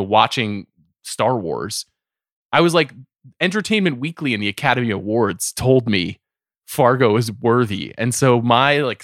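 A middle-aged man talks films on a podcast, earnest and a little rambling, stacking up repeated words when he gets carried away. His voice sits at an ordinary pitch for a man. The studio sound is dry and close, with no room around it. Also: fairly bright tone, no room sound. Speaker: podcast co-host. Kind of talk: casual film chat.

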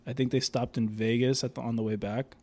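A man's voice: mid-range voice, little pitch movement, a little fast, a little mellow. A man co-hosting a podcast, telling loose stories in casual chat and swearing freely. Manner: laid-back storytelling, heavy swearing. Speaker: podcast co-host.

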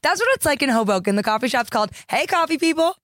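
A woman's voice: high voice, expressive, fairly bright tone, no room sound, studio quality. Chatty teasing young woman host. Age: young adult. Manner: chatty, teasing, quick to laugh. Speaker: podcast host. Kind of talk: casual comedic chat.

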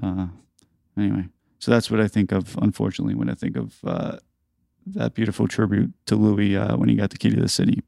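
A middle-aged man hosting a podcast, telling a story in a casual, halting way with lots of "uh" and "you know", and raising his voice when he acts out an argument. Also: on the low side, expressive, creaky, dark tone, no room sound, studio quality. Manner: conversational, frequent "uh" and "you know", acts out quoted exchanges with rising voice. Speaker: podcast host.

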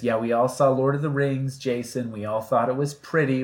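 A man's voice: mid-range voice, moderate pace. Male podcast co-host, dry sarcastic jokes, casual banter. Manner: joking, sarcastic. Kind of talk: casual chat.

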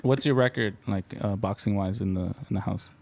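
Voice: deep voice, fairly quick, gravelly, a little mellow. A co-host in a casual interview, reacting with slangy enthusiasm and laughing a lot. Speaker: podcast co-host.

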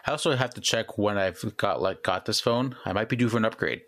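Chill podcast guy, talks fast, lowish voice. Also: fairly bright tone, no room sound, clean studio sound. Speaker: podcast co-host. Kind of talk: casual chat.

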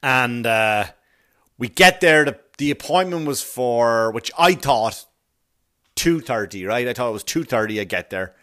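A man's voice: mid-range voice, expressive, a little slow, fairly bright tone. A man, a father, hosting a podcast and ranting alone in a sarcastic, exasperated way, swearing constantly. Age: adult father. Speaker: podcast host. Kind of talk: profane ranting monologue.

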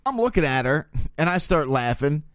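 A man's voice: a little high, big pitch swings, normal speed, a bit bright, smooth, no room sound, studio quality. A male podcast host telling a profane, laugh-filled anecdote in a casual storytelling style.

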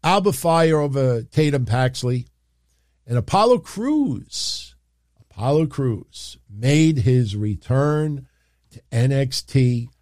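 A man hosting a casual livestream, talking in an excitable, rambling way and jumping into quick impressions. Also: medium pitch, no echo, studio quality. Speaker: wrestling show host.

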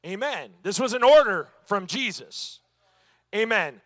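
A man's voice: high voice, animated, a little slow, fairly bright tone, no echo. A man teaching a church Bible lesson, emphatic and dotted with "amen" and rhetorical questions.

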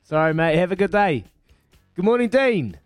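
A breakfast radio host with a New Zealand accent runs a call-in quiz in a brisk, matey way. His voice sits a bit high for a man. The studio sound is close and dry, with soft music underneath. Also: very animated, clean tone, no echo. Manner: brisk and matey, counting down loudly. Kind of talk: upbeat radio quiz hosting. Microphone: studio microphone.

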